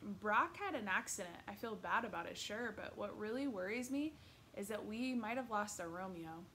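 A woman's voice: mid-range voice, lively intonation, normal speed, bright, forceful tone, a little hiss or hum. A woman voicing an earnest, worried middle-school girl in a read-aloud storybook. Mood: fretful. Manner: earnest, fretful.

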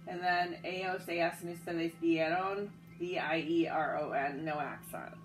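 A woman's voice: fairly low pitch, fairly even intonation, normal speed, faint music behind, low-quality recording. A woman teaching a Spanish grammar lesson, patiently spelling words out letter by letter, with some fillers and self-corrections. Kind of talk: guided notes lesson.

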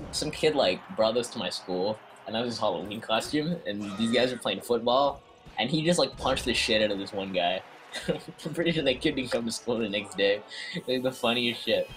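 A young man casually commentating a computer fighting game tournament, excitable and slangy, swearing often. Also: mid-range voice, brisk, soft background music. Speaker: stream commentator.

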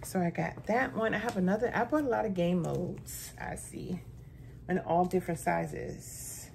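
A woman's voice: a little slow, creaky, a little hiss or hum. A middle-aged woman, chatting casually in a haul vlog and saying "y'all" often. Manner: chatty, keeps saying "y'all", pitch jumps high when excited. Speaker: vlogger.

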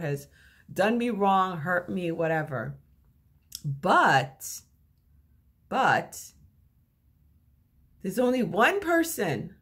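A middle-aged woman shares relationship advice in a casual monologue. Her voice is slightly husky, and her pitch rises and falls freely as she tells her stories. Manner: animated storyteller with lively pitch swings.

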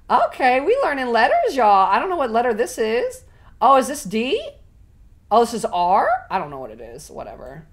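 A young woman streaming a video game, swearing constantly and swinging between loud shrieks and quiet mumbling as she plays. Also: on the high side. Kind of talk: casual game commentary.

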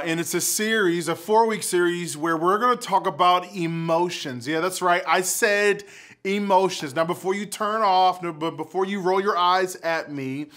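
High-voiced, excitable young male youth leader. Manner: excitable, animated storytelling. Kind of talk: casual youth talk to camera.

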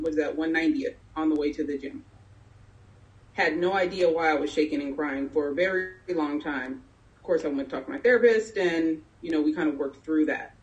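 Far from the mic, a lowish-voiced middle-aged woman from San Jose, California, tells a candid personal story. She speaks conversationally at a community town hall, leaning on many fillers.

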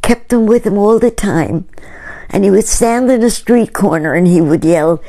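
A woman's voice: mid-range voice, mellow. An older woman, a painter, telling a group about her work in an earnest, reflective way. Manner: earnest, reflective, unhurried storytelling. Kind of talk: storytelling talk to a small group.

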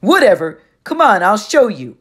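A woman narrator gives a husky, mean-spirited teenage girl a slow, sneering drawl in an audiobook. She drags out her insults and sounds ready for a fight. The voice sits a touch back from the microphone. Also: mid-range voice, big pitch swings, pitched above the performer's own voice. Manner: sneering, drawn-out taunts.

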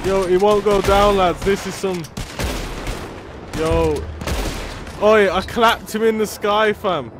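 A young man commentating his gameplay, swearing and yelling in slang when scared. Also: high-pitched, fairly even intonation, slow pace, long pauses, noisy background. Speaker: gaming streamer.

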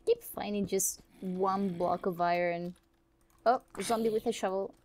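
A woman's voice: medium pitch, steady tone, a little slow, darkish tone. A woman chatting casually during a game, exclaiming and narrating what she does. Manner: exclaims, narrates her own actions. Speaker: game player. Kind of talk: casual gaming chat.

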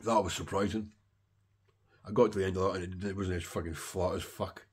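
A man's voice: low voice, fairly even intonation, brisk, noisy background. A middle-aged man and record collector chatting casually to camera, rambling and swearing heavily with enthusiasm.

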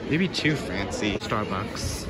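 A man giving casual, excitable commentary as he explores a game and jokes along the way. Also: on the low side, slow, over loud music, over a noisy crowd. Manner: chatty, excitable, jokey narration while exploring. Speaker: gaming vlogger. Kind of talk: casual let's-play commentary. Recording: noticeable background noise.

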